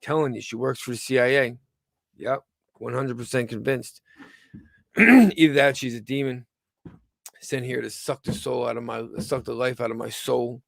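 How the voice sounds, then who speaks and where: A tired man under the weather hosts a rambling live-stream news show from home, talking haltingly with many stumbles and restarts. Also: medium pitch, vocal fry, fairly bright tone, no echo. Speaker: host of a livestreamed news show.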